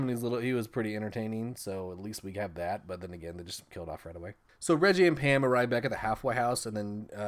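Fast-talking casual man recapping films. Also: fairly low pitch. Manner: rambling, profane, laughs while retelling scenes. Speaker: podcast host reviewing films.

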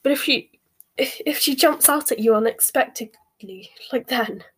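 A sarcastic teenage boy wizard, as a woman reader puts him on, offhand and dry. The voice has a breathy grain. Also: fairly high pitch, moderate pace, a bit bright.

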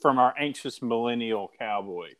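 With a mid-range, fairly bright voice at normal speed, this American podcast host keeps the chat casual. He rambles, restarts his sentences and laughs a lot.

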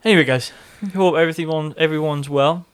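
A man's voice: a little high, steady tone, normal speed, clear, resonant tone. A man with a North East English accent, co-hosting a podcast in casual banter, swearing freely and joking around. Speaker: podcast co-host.

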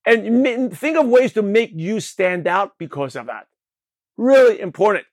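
A man from Brooklyn, New York, hosting a show and giving an energetic motivational talk on network marketing, with a slight lisp, often checking in with the listener. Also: high-pitched, a little slow, dry recording. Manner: energetic, repetitive, asks the listener questions. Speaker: podcast host, network marketing coach.

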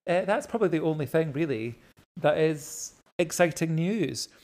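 A Scottish podcast co-host and stage actor, chatting casually, enthusiastic and quick to tease. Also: medium pitch, animated, a little mellow. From Scotland. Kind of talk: casual chat.

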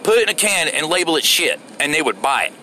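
A man's voice: on the high side, sing-song, fast, sharp tone, slight background noise. A man from Florida ranting casually while driving, rambling, profane and sarcastic. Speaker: vlogger. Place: inside a moving vehicle.

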